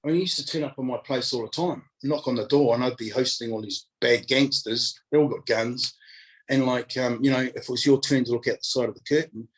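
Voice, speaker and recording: Guest speaker, male, husky voice, mid pitch, animated storyteller who acts out quoted voices, New Zealand accent. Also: a little fast, poor audio. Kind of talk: candid storytelling.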